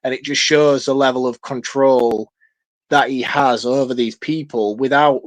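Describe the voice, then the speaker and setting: Excitable man reviewing films. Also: mid-range voice, moderate pace. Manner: excitable, swears freely, talks in long runs. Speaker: podcast co-host. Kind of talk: casual film-review chat.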